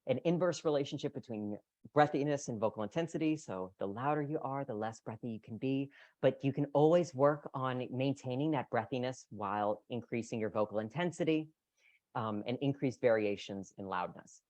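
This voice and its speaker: A presenter lectures on voice training in an explanatory way, now and then demonstrating pitch patterns aloud. The voice sits at a middle pitch. The sound is dry, with no room echo. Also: fairly quick, a little mellow, lo-fi sound. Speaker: presenter at a voice care meeting.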